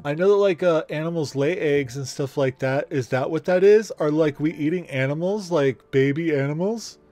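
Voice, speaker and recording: A man's voice: on the high side, normal speed, a little mellow, no echo, faint music behind, close to an everyday voice. A man playing a naive, wide-eyed young adventurer. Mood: curious. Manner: hesitant, rambling, full of fillers. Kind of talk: in-character tabletop role-play.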